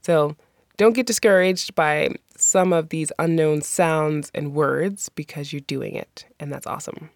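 Slow, patient woman teaching phrases. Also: low voice, dry recording, studio quality. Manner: patient, encouraging, slows down to model pronunciation. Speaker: language teacher. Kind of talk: phrase lesson with slow repetition.

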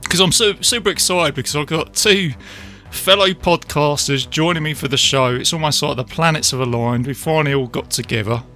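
A man's voice: on the high side, a little fast, bright, forceful tone, soft background music. A man hosting a podcast, chatting casually with guests in a friendly, laughing way. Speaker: podcast host.

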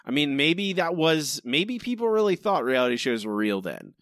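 A man's voice: on the high side, sing-song, moderate pace, hardly any pauses, fairly bright tone, dry recording, studio quality. A man co-hosting a podcast, rambling and exasperated, asking why again and again. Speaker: podcast co-host. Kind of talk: casual critical chat.

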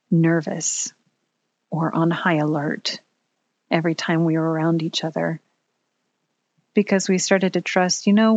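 A woman telling a personal story in a candid, earnest way, pausing at the emotional moments. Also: fairly low pitch, darkish tone, dry recording, lo-fi sound.

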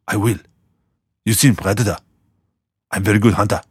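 A man's voice: fairly low pitch, steady tone, moderate pace, husky, no echo, studio quality, pitched below the performer's own voice. A man doing a comic impression of a bossy movie-star governor, with a put-on Austrian accent and threatening, broken phrasing in a podcast promo.

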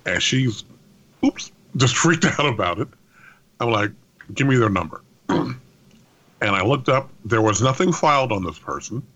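A man who works as a lawyer telling a story on a podcast in a wry, measured way, now and then swearing and laughing. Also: medium pitch, animated, fairly bright tone. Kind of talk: casual storytelling chat.

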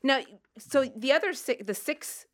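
A woman's voice: high-pitched, measured pace, a bit bright. A woman hosting a radio talk show, prompting her guest and reading out show details. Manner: brief prompts and backchannels, reads out show details. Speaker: radio host. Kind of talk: casual radio interview.

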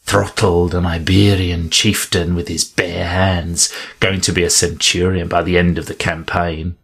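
Guy reading soldiers whispering gossip, deep and husky, audiobook. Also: level tone, a little slow, full character voice. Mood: awed. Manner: hushed, awed gossip. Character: gossiping Roman soldiers, men.

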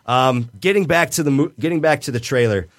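A man co-hosting a casual podcast chat, excited and insistent, repeating himself to make his point. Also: mid-range voice, brisk. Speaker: podcast co-host.

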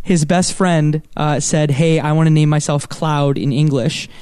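A man's voice: a little high, steady tone, measured pace, darkish tone, smooth, dry recording. A man hosting a casual podcast chat about a game, talking enthusiastically and rambling with lots of fillers. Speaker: podcast host.

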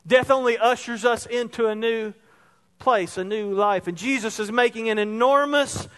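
A man pastor preaching a sermon, moving between soft, hushed passages and loud emphasis. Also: very high voice, moderate pace. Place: church sanctuary. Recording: reverberant church hall.

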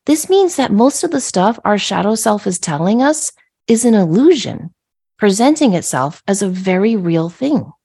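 A middle-aged woman hosting a podcast, telling a personal story in a conversational way. She is animated and laughs as she acts out her own yelling. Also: mid-range voice, normal speed, breathy edge. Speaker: podcast host.

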